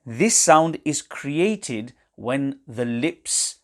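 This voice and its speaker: A man's voice: mid-range voice, expressive, extremely slow, fairly bright tone. A man teaching Quran recitation in an instructional webinar, explaining pronunciation carefully and reciting short examples.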